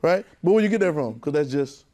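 Southern pastor preaching with playful call-and-response. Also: male voice, on the high side, animated, a little fast, dark tone. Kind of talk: preaching a sermon. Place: church sanctuary with congregation.

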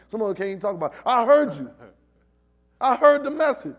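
A man preaching a sermon in a call-and-response style, building from low asides to loud shouted calls, with speech. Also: big pitch swings, fast.

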